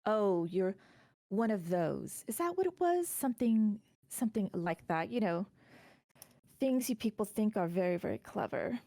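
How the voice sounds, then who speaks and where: A woman's voice: mid-range voice, lively intonation, normal speed, dark tone, no room sound, studio quality, voice pushed up, natural voice. Woman playing a haughty, disdainful witch. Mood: condescending. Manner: disdainful, sighing, muttering complaints.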